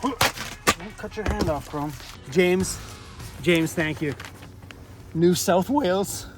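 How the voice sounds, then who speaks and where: Chatty upbeat guy vlogging outside in a park, kinda high voice, laughs a lot. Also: slow pace, over music. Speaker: van life vlogger. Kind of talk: casual vlog talk. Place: outdoors in a park by a parking lot.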